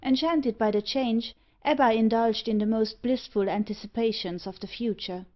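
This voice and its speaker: A woman narrating an audiobook in a steady, even reading voice. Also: on the high side, normal speed. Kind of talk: scripted narration. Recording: slightly dull audio.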